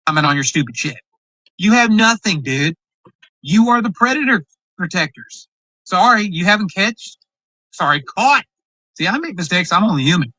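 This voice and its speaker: A man with a high, bright, cutting voice tears into a rival as he reacts to a video. His talk is boastful and profane, and the sound is dry and close with almost no room around it. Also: very animated, fairly quick, no echo, low-quality recording. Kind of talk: heated reaction commentary.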